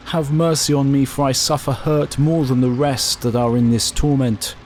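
A man's voice: medium pitch, fairly even intonation, moderate pace, darkish tone, slight background noise, voice pushed up, close to an everyday voice. A man voicing a tormented male sinner who pleads for mercy in a lamenting tone. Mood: pleading.

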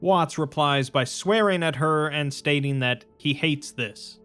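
A man's voice: fairly high pitch, a little slow, clean tone, faint music behind. Man narrating in a matter-of-fact tone. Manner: even, matter-of-fact retelling. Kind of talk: scripted narration summarizing a story.

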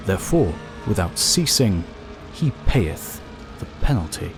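A man voicing a stern male angel who guides a visitor through hell, speaking in grave, measured pronouncements. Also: low voice, big pitch swings, over music, heavily acted. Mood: solemn.

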